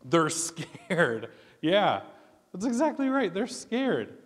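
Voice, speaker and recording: A man from Oklahoma leading a children's chapel sermon, lively and asking the kids questions. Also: high-pitched, takes it slowly, husky. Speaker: guest chapel leader. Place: church chapel. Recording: long hall reverb.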